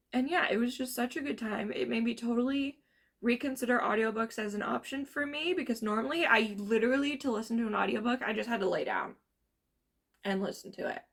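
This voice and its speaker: A tired woman with a gravelly morning voice, chatting casually and gushing in a book review vlog. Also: a little high.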